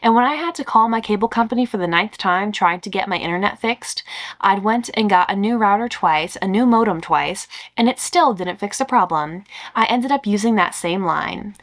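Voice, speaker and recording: A woman podcast host reading a story aloud in a casual, chatty, expressive way, with asides of her own. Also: medium pitch, moderate pace.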